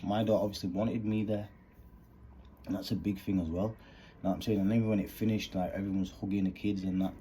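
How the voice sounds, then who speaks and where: A man's voice: lowish voice, level tone, fast, dark tone, slight background noise. A man, talking earnestly in rambling street slang about fatherhood. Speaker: vlogger. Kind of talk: candid monologue.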